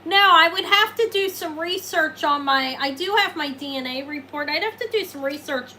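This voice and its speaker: A talkative woman host on a live sale, with a bright, forceful edge and a voice that sits a little high. She rambles from item to item, answers viewers as she goes and laughs at herself. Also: normal speed, a little hiss or hum, poor audio. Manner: self-deprecating, jokes and laughs. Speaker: host selling jewelry live. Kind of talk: casual live sales chat.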